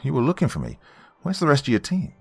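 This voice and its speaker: A man's voice: medium pitch, wildly swooping pitch, fast talker, creaky, a little mellow, husky, dry recording, pitched above the performer's own voice, exaggerated voice. A man voicing a young, nervous Army private who talks eagerly and stammers. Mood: excited.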